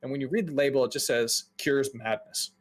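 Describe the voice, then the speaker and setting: A man's voice: medium pitch, racing. A man running a tabletop game as dungeon master, narrating casually with many fillers.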